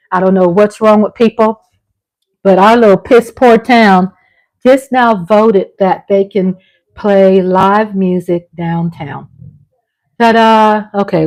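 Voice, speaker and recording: A woman with a Southern drawl chats casually on her vlog stream. Her voice sits at an ordinary middle pitch, and she talks in a playful, rambling way, laughing and teasing as she goes. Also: a little mellow. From Texas. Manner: chatty, laughs often, playful asides to her husband. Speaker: vlog host. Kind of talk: casual livestream chat.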